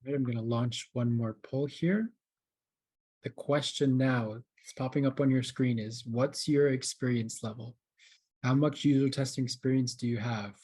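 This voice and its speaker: A man's voice: medium pitch, darkish tone, husky. A man hosting a live webinar, talking straight to the audience in an upbeat way over a video call mic. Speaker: webinar host.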